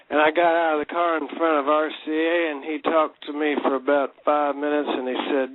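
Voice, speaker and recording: A man's voice: fairly high pitch, steady tone, normal speed, few pauses. Older guy, nashville drawl, rambling folksy stories, tinny phone line. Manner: folksy, laughs easily, long rambling anecdotes. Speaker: guest songwriter. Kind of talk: casual radio interview. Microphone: phone call.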